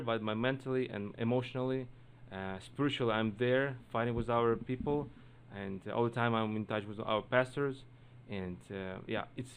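Man, Ukrainian accent, quiet halting English, smooth resonant voice, studio guest. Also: mid-range voice. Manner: soft-spoken, halting English with restarts. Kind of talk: studio interview. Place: radio studio.

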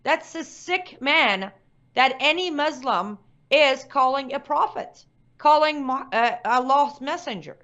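A woman's voice: high voice, lively intonation, takes it slowly, a bit bright. A woman guest on a talk show who states her views emphatically and firmly. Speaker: guest commentator. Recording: dull lo-fi sound.

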